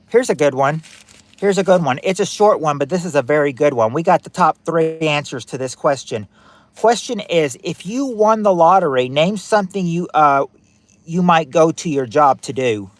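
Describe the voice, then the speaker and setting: A man's voice: fairly high pitch, expressive, normal speed, dry recording. A man hosting a family quiz game on a livestream, reading questions and chatting with viewers by name, often repeating himself. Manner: chatty, repeats phrases, reacts to chat names.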